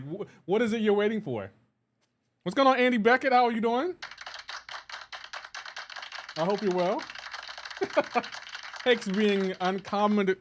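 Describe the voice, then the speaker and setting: Upbeat man streaming games live. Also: on the high side. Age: adult with a child. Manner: upbeat, greets chatters by name, chatty asides. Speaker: game streamer. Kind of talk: casual live-stream chat.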